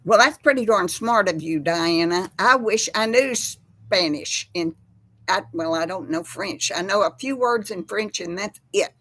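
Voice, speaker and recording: A Texan woman, older, hosting a casual chat from her home kitchen in a slow folksy drawl. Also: mid-range voice, a bit bright, dry recording. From Texas. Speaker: host. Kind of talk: casual chat with live chat viewers.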